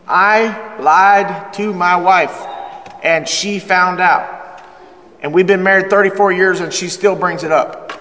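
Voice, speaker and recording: Bright, energetic middle-aged male pastor. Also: sits high, big-room sound, a little hiss or hum. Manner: energetic, humorous, emphatic preaching, slowing down for scripture. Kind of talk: sermon. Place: church.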